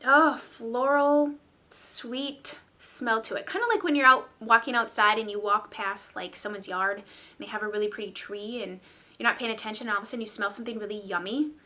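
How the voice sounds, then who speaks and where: A woman's voice: on the high side, fairly even intonation, a little fast, sharp tone. A young woman reviewing makeup in a chatty, gushing way, full of fillers. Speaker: beauty vlogger. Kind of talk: casual product review.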